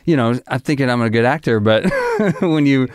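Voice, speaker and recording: A middle-aged man, an actor, chatting casually in a halting, self-deprecating way. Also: mid-range voice, animated, smooth, dry recording, studio quality. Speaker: actor guest. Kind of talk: casual conversation.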